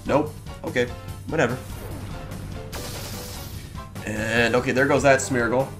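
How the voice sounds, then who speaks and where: Excitable young man narrating a game. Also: mid-range voice, music in the background. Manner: excitable, talks to the game characters, quick exclamations. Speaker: let's play host. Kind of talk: video game commentary.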